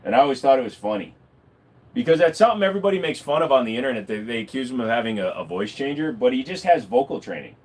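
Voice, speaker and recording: A man talking casually to viewers on a livestream, rambling and swearing freely. His pitch swings widely as he talks, around a middle register. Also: fast. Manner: animated, swearing, rambling with fillers. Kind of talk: casual live-stream chat.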